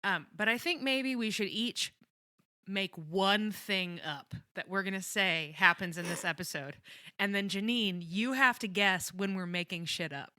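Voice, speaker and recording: A woman's voice: medium pitch, dry recording, clean studio sound. A woman co-hosting a podcast, chatting casually and jokily about a TV episode. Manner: animated, giggly, quick to joke. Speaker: podcast co-host. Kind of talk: casual chat recapping a TV episode.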